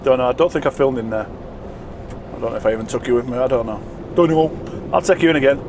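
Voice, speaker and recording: Chatty truck driver, road noise. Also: male voice, mid-range voice, fast talker. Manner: rambling, chatty, self-mocking. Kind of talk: casual vlog chat while driving.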